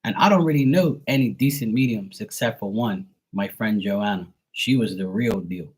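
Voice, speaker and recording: A man's voice: on the low side, moderate pace, a little mellow, husky. A man working as a psychic medium, ranting bluntly and profanely in a rambling, casual livestream chat. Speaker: psychic medium and tarot reader.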